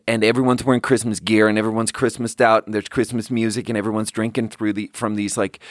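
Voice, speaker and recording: A man's voice: mid-range voice, no room sound, studio quality. A man casually telling a story as a podcast host, acting out the dialogue and rambling with lots of fillers. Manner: animated, acts out quoted dialogue. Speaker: podcast host and bar manager.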